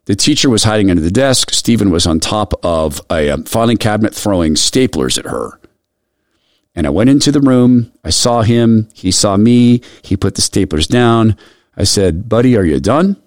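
Earnest low-voiced man hosting radio. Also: expressive, moderate pace, no echo, studio quality. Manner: earnest, soft storytelling that drops quiet when moved. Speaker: radio show host. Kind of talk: radio commentary with personal story and prayer.

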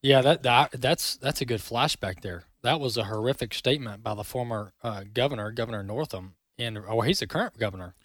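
A man's voice: medium pitch, fairly quick, hardly any pauses, fairly bright tone, dry recording. A male talk show host giving opinionated commentary in an emphatic, indignant manner.

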